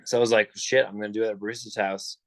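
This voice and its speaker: A man's voice: lowish voice, level tone, fast talker, a bit bright, no room sound. A young man telling a long story on a casual podcast, rambling with lots of fillers and restarts. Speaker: podcast co-host.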